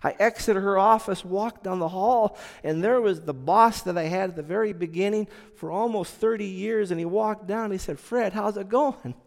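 Man sharing a testimony, high voice, long hall reverb, slow earnest delivery that swings between hushed and loud. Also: creaky. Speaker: speaker giving a testimony. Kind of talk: personal testimony talk.

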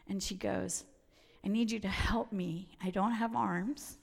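A woman preaching a sermon and telling personal stories, swinging from loud emphatic lines down to near whispers. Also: mid-range voice, fairly even intonation, a little slow, gravelly. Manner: dramatic shifts from loud to whispered. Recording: long reverb of a hall.

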